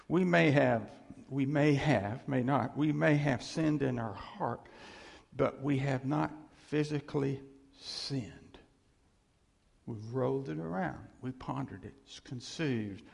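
An older man giving a casual, folksy sermon, chuckling often and teasing himself, with a gravelly voice. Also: mid-range voice, darkish tone. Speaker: preacher. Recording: reverberant hall.

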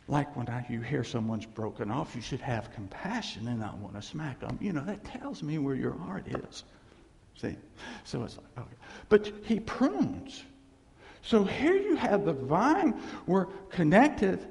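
A man preaching a sermon in a church, animated and laughing, acting out voices as he tells stories. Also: on the high side, moderate pace, creaky. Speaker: pastor. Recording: echoey hall reverb.

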